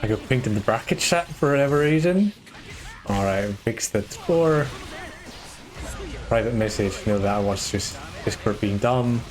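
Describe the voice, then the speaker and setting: A man's voice: lowish voice, unhurried, faint music behind. Man calling a fighting game. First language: German. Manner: chatty, restarts sentences, excitable on big plays. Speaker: tournament commentator and organizer. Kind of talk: live esports commentary, casual chat.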